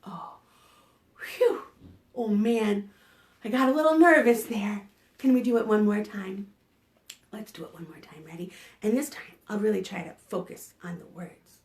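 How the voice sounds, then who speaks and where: A woman children's librarian leading a preschool storytime, animated and playful, gasping and chanting sing-song rhymes for small children. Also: medium pitch, normal speed, long pauses.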